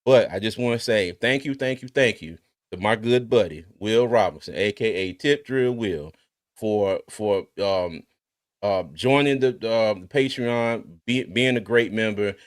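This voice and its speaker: A man hosting a casual sports talk livestream, animated and laughing as he reads out viewer comments. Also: lowish voice, unhurried. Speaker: podcast host. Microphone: streaming mic.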